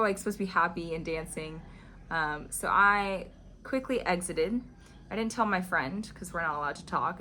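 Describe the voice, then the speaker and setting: This woman's voice sits on the low side with a sharp tone, and there's slight background noise. A vlogger, she discusses spiritual teachings through a personal story, chatting casually in a reflective monologue packed with "like" fillers.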